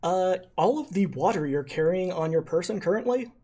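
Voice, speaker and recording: A man's voice: high-pitched, lively intonation, moderate pace, dark tone, slightly rough. Hesitant man running a tabletop game. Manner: hesitant, many fillers, playful. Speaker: dungeon master.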